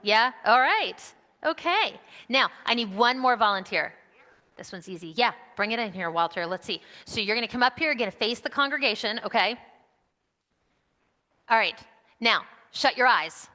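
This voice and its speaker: A woman with a bright, fairly high voice leads a children's message in a church sanctuary. She coaxes and encourages the young volunteers with a steady stream of questions. Her voice rings out with the long reverb of a large hall. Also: moderate pace. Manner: encouraging, coaxing, asking children many questions. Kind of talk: interactive children's message during a church service.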